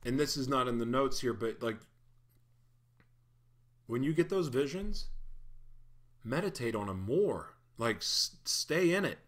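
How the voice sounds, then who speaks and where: A man delivers a sermon in an easygoing, conversational style, full of animated asides and playful tangents. His voice sits in a middle register. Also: medium pitch, measured pace, pauses often. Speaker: pastor. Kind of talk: casual sermon.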